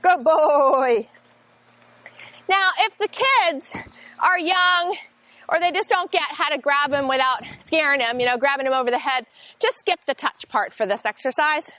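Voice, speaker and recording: A woman's voice: moderate pace, no echo. A woman dog trainer giving a friendly, explanatory training demonstration. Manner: friendly, explanatory, breaks into bursts of high, excited praise.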